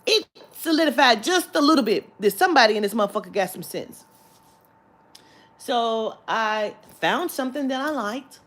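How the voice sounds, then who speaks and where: A woman talking straight to her audience in a casual vlog. She tells the story as a rant, heavy with swearing and lively emphasis, in a slightly raised voice. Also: on the high side. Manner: profane, animated, mimics clerks' voices. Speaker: vlogger.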